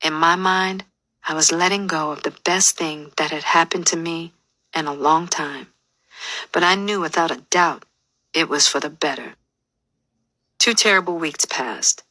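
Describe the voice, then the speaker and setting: A woman's voice: low-pitched, measured pace, pushed and bright, dry recording. A woman narrating her own memoir as an audiobook, telling her story in a candid, emotionally open way.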